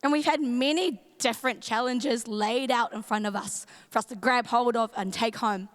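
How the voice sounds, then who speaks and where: A woman's voice: fairly high pitch, moderate pace. A woman youth leader with a New Zealand accent and a strained voice, giving a playful, chatty camp talk from a large events centre stage. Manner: playful, chatty, greets in Māori. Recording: long hall reverb.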